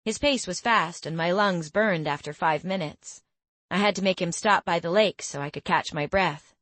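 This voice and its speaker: A young adult woman narrating a first-person fantasy audiobook in a wry, expressive storytelling manner. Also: lowish voice, normal speed, no echo.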